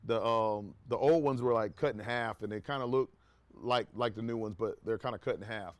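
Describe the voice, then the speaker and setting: A man's voice: fairly low pitch, normal speed, no room sound. Rambling man telling a story, dry sound. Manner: rambling, with many restarts and asides; acts out quoted dialogue in a raised voice. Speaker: vlogger telling a personal story. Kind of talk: casual storytelling to camera.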